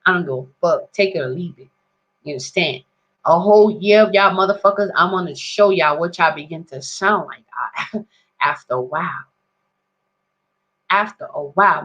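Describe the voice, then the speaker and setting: A woman's voice: on the low side, moderate pace, a bit bright, highs cut off. A woman ranting to her viewers in a casual, profane vlog, rambling in street slang and constantly asking if they understand. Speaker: vlogger.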